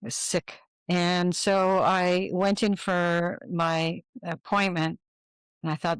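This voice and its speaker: A woman's voice: on the low side, little pitch movement, slow pace, clean tone, no room sound. An older woman, a podcast guest, telling a personal story and acting out the dialogue she quotes.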